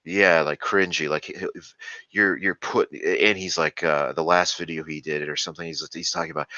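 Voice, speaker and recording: A man's voice: deep voice, steady tone, moderate pace, pushed and bright, no echo, muffled recording. A man in rambling casual commentary, ranting with profanity and many fillers.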